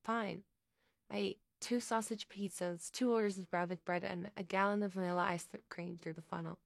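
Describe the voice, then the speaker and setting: A woman voicing a flustered, embarrassed woman who answers quietly and hesitantly, in a story reading. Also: mid-range voice, steady tone, normal speed, vocal fry, no echo, clean studio sound, lightly acted. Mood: exasperated. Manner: quiet, hesitant, sometimes defensive.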